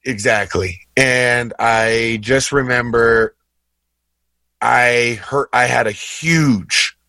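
A man in his thirties, co-hosting a podcast, chatting casually and telling stories in a relaxed, slangy way. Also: medium pitch, drawn-out words, no echo. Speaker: podcast co-host, former college basketball player. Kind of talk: casual chat.

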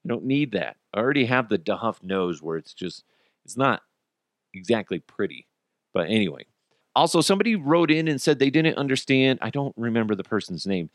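Speaking a little fast, this male podcast host rants about movie theaters on his casual solo show, recorded at studio quality without room sound. He curses, cracks himself up over his own stories, and mimics bystanders in high-pitched voices with lots of energy.

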